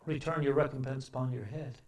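A man preaching a sermon, swinging between loud emphatic declarations and quiet, reflective passages. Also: mid-range voice, fairly even intonation, fairly quick.

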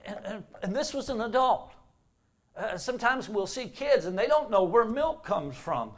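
A man's voice: sits high, animated, moderate pace. An older man preaching a sermon in a church, telling folksy homespun stories. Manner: folksy storytelling with homespun asides. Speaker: pastor.

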